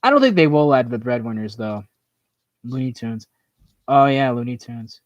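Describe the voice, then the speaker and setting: A man hosting a livestream in a casual, rambling chat, filling his talk with "like" and "you know" as his voice tires and goes hoarse. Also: mid-range voice, expressive, dry recording, highs cut off. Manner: rambling, full of "like" and "you know", quick laughs. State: voice tiring and hoarse. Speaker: livestream host. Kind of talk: casual chat reacting to viewer comments.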